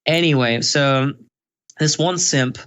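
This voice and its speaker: A man's voice: a little high, slow pace, a bit bright, clean tone. A young man ranting casually on a podcast, rambling and profane, stopping often with fillers. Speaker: podcast co-host. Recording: dull lo-fi podcast recording.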